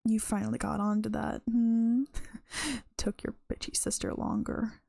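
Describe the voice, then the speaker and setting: A woman's voice: fairly high pitch, flat delivery, measured pace, warm tone, dry recording, studio quality. Smug male phone caller, as a woman reads him. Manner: smooth-trying, mocking.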